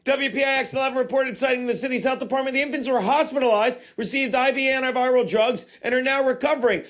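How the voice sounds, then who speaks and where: A man's voice: very high-pitched, fairly even intonation, fast talker, fairly bright tone. A male podcast host in casual comedic banter, laughing in disbelief as he reads a news article aloud.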